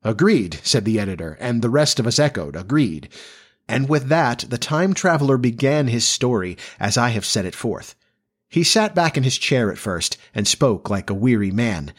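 Male narrator for a period novel audiobook, measured and steady, mid-pitched. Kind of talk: audiobook reading of a classic novel.

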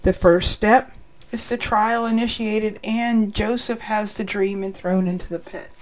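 A woman's voice: mid-range voice, steady tone, a little slow, low-quality recording. A woman preaching a sermon, earnest and speaking straight to her listeners. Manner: earnest, addressing listeners directly.

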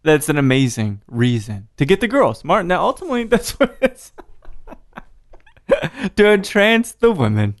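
A man's voice: on the high side, sing-song, moderate pace, no room sound. A man hosting an interview who laughs easily and encourages his guest with short replies. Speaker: interviewer, host. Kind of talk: casual interview.

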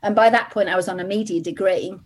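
A woman in her forties from Middlesbrough, telling stories as a podcast guest in lively casual chat. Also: mid-range voice, quick pace. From England (Middlesbrough). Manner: lively storyteller, laughs often. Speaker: guest, TV presenter.

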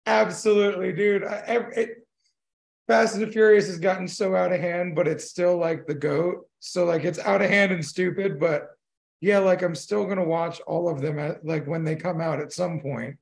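A man's voice: high voice, fairly even intonation, moderate pace, creaky. A man co-hosting a casual podcast, a tattoo artist talking in a laid-back, rambling way, swearing casually and laughing often. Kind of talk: casual chat.

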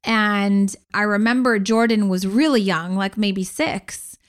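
A woman's voice: medium pitch, slow. A middle-aged woman co-hosting a podcast, telling family stories in a blunt, candid way with casual swearing. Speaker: podcast co-host. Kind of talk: casual chat.

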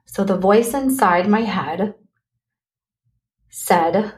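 A woman hosting her own podcast, talking candidly and earnestly to listeners in a motivational pep talk, speeding up then slowing on key words. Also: on the low side. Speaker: podcast host.

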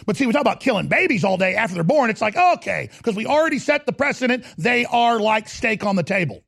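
A man's voice: high voice, very animated, fast, gravelly, fairly bright tone, no room sound, studio quality. A middle-aged man hosting a talk radio show, ranting fervently and combatively and hammering points through repetition between ad reads.

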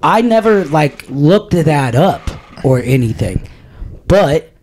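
A man's voice: a little high, sing-song, takes it slowly, a little mellow, a little hiss or hum. A man with a slightly raised voice rambles through a casual podcast chat. He is blunt and profane and wanders between thoughts as he talks. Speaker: podcast co-host.

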